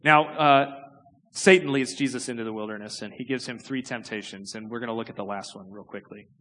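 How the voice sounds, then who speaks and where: A man preaching a sermon in a conversational, animated way, often acting out quoted voices. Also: mid-range voice, fairly quick. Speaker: pastor. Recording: long reverb of a large hall.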